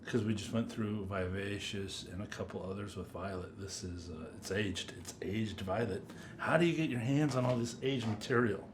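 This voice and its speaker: A man giving a casual, rambling first-impressions review of perfumes, chatty and drifting into quiet mutters as he sniffs. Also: fairly low pitch, normal speed, noisy background. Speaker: fragrance reviewer.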